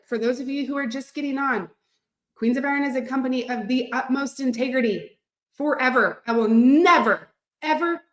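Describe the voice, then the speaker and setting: Upbeat woman fitness coach, 30s, fairly high voice, gushing and chatty, roomy echo. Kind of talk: live-streamed coaching talk. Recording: echoey room.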